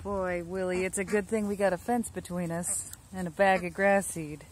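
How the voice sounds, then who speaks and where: A woman with a fairly low, flat voice speaks at a moderate pace, with a faint hiss or hum in the background. Out in her backyard, she coos baby talk to her ducks while filming them on a handheld phone for a casual vlog.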